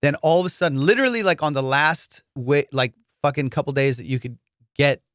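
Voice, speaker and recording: Comedian guy rambling through stories, swearing a lot, smooth clear voice, dry close mic. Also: fairly high pitch, fairly quick, a bit bright, no echo. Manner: loose, profane, lots of dude and fillers. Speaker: comedian podcast host. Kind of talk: casual storytelling chat.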